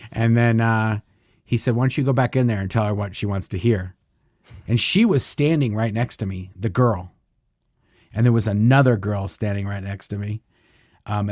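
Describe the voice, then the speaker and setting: A man's voice: on the low side, a little mellow, dry recording. Dry-voiced man telling a rambling story. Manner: rambling, many fillers, acts out quoted lines. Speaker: guest storyteller. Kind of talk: casual storytelling.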